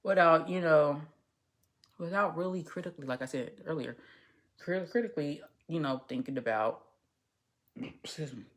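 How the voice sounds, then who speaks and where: A woman's voice: deep voice, normal speed. A woman hosting a casual commentary podcast, speaking as a social worker, candid and rambling, swearing freely and tripping over her words. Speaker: podcast host.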